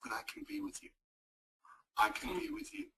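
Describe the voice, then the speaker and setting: A woman acting in a training role-play as a calm, supportive friend who speaks softly and reassuringly. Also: high voice, normal speed, slight background noise, low-quality recording. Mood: soothing. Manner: soft, soothing, reassuring.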